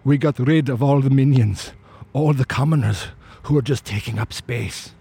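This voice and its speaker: Gloating rich villain, put on by a man, sneering, warm dark tone. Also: mid-range voice, normal speed, gravelly, breathy edge. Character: smug rich male elite gloating over commoners.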